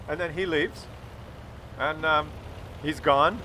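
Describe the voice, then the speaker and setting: Playing a game on camera, a male creator casually relates a funny story about his family, animatedly performing its characters. His voice is on the high side, and he takes it slowly with long pauses. Background noise can be heard.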